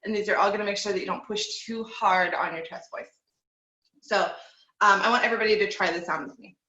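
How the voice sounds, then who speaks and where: A young woman leads a voice lesson over a video call, calm and encouraging, often breaking off to hum or slide through a note herself. Her voice sits at an ordinary middle pitch. It comes through a little dull, in a roomy, echoing space. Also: brisk. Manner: relaxed, encouraging, demonstrates with hums and slides. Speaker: vocal teacher. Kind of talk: online group voice lesson. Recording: dull, echoey room sound.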